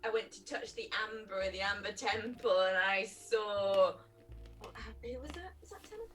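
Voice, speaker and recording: A woman's voice: medium pitch, animated, moderate pace, fairly bright tone. Hesitant woman, distant from the mic. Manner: hesitant, searching for words. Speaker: player. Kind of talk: casual chat. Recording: voice from a distance over music.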